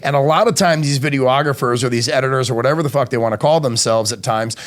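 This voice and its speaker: A man's voice: medium pitch, quick pace. A man hosting a podcast, telling stories in casual chat with lots of swearing and acted-out quotes. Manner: profane, storytelling, acts out quoted voices. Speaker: podcast host.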